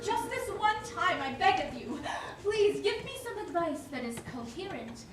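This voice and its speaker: Woman playing a gushing young bride, very high voice, distant stage sound, heavy background noise. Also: big pitch swings, moderate pace. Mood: dramatic. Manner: dramatic, gushing. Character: flighty young bride, melodramatic showgirl. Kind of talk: musical theatre acting. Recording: echoey distant stage recording, loud noise.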